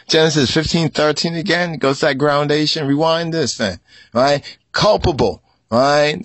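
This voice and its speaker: Guy doing a bible word study, mid pitch, keeps saying right?, dry close sound. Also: no room sound. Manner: repetitive, asks "right?" constantly, spells out word meanings; rising to loud outbursts. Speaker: religious teacher. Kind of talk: scripture teaching.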